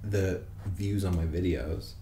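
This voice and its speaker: A man's voice: low-pitched, steady tone, a little slow, dark tone. Rambling young man in an echoey room. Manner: rambling, swearing, many restarts and fillers. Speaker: podcast host. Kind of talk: casual podcast chat. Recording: echoey room with faint hiss.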